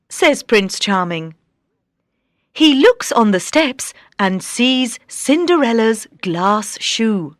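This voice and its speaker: A woman reads a fairy tale aloud for English learners, slowly and carefully. Her high, bright voice moves up and down expressively, and the recording is close and dry. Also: no echo. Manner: slow, clear, expressive. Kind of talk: slow storybook narration for beginners.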